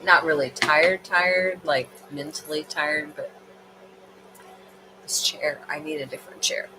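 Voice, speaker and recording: A woman's voice: low voice, steady tone, a little slow. Woman card reader, late-night tired, rambling with fillers; noisy livestream audio. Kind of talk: casual livestream card reading.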